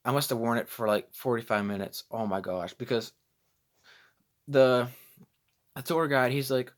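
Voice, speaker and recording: A man's voice: medium pitch, normal speed. A young man vlogging casually, rambling and self-deprecating as he loses his train of thought. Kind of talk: casual vlog storytelling.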